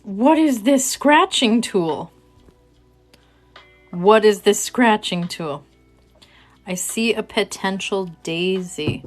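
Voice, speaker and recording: A woman hosting a casual livestream, talking with her viewers in a chatty, self-mocking way. She speaks slowly at a middling pitch. Faint music plays behind her. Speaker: livestream host.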